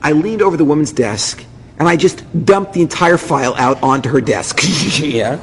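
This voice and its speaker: This rabbi's voice is a little high and moves at a moderate pace. Addressing an audience, he animatedly relates a personal story, voicing everyone in it, with faint noise and long hall reverb in the background.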